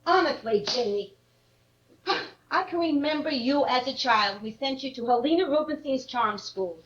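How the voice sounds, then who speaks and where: A woman playing a brassy, energetic middle-aged mother who talks theatrically. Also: high voice, moderate pace. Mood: defensive. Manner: theatrical, exclaiming. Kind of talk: stage play acting. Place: theater stage. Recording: dull lo-fi echoey stage recording.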